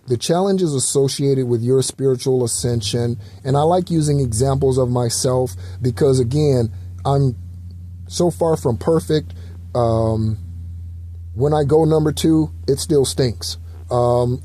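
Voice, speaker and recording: Rambling man with a mellow voice. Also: medium pitch, no room sound. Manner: loose, rambling, repetitive with fillers and occasional swearing. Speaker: spiritual channel host. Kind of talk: casual spiritual talk.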